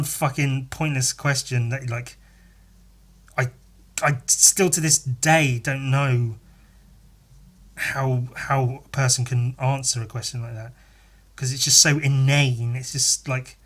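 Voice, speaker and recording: A man's voice: mid-range voice, fairly bright tone. A man hosting a podcast in a casual, profane, rambling rant, exasperated and often laughing. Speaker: podcast host. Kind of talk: casual ranting monologue.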